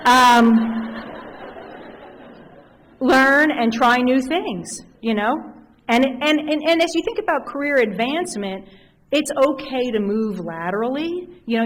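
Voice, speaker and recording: Chatty, animated woman giving a keynote. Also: mid-range voice, a little hiss or hum, rough recording. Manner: conversational, animated storytelling with fillers. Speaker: keynote speaker. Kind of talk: conference keynote speech. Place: conference hall.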